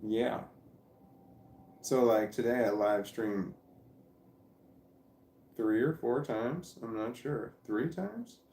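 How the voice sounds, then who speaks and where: A man casually chatting on a live stream, reading viewer comments aloud in a rambling, halting way and repeating words as he goes. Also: on the low side, a little mellow. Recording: roomy echo with faint noise.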